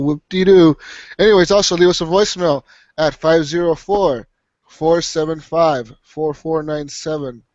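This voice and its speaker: A man's voice: mid-range voice, a little mellow, no room sound, lo-fi sound. A man hosting a casual gaming podcast, swearing freely and laughing often. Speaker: podcast host.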